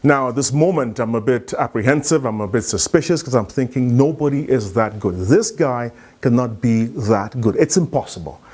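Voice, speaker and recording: A man giving a conference talk, telling a story in an animated way and acting out the dialogue. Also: medium pitch, moderate pace, few pauses, breathy edge. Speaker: keynote speaker.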